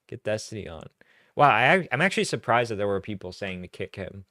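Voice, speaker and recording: A man's voice: on the low side, big pitch swings, quick pace, bright, forceful tone, no room sound. Dry, rambling young streamer man. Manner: rambling, self-correcting, laughs between points. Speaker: streamer commentator. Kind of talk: casual reaction commentary.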